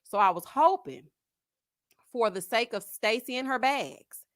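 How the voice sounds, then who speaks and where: A woman's voice: on the high side, a little slow, dry recording. Gossipy woman streamer, dry mic. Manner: gossipy, animated, laughs often, uses Southern US slang. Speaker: host of a live chat stream. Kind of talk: casual chat reading viewer comments.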